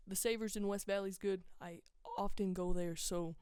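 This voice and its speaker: A man co-hosting a podcast, telling stories in an offhand, deadpan casual way. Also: high voice, normal speed, smooth, no echo, studio quality. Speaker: podcast co-host. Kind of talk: casual chat.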